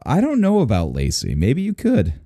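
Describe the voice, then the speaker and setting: A man's voice: mid-range voice, wildly swooping pitch, moderate pace, mellow, no echo, clean studio sound. A man hosting a podcast in casual banter, teasing and crude, laughing often. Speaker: podcast host.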